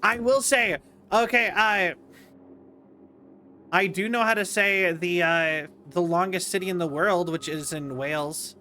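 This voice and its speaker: A man's voice: sits high, measured pace, sharp tone, slight background noise. A male streamer chatting over gameplay in a rambling, self-deprecating way. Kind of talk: live-stream gameplay chat.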